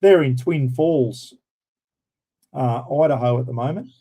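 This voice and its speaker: A man's voice: mid-range voice, a little slow, dark tone, poor audio. An Australian man hosting a casual livestream, ranting bluntly and indignantly, swearing freely and calling his viewers "everyone". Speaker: livestream host.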